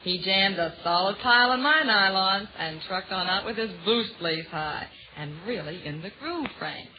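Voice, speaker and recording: A woman in 1940s radio comedy banter, teasing and quick with comebacks in period slang, on a dull old radio recording. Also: medium pitch, lively intonation. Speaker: guest star.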